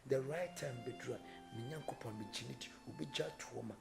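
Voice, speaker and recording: A man with a medium-pitched, gravelly voice speaks briskly over a music bed. An actor with a Ghanaian accent, he plays a troubled married man under pressure from his mother, talking earnestly.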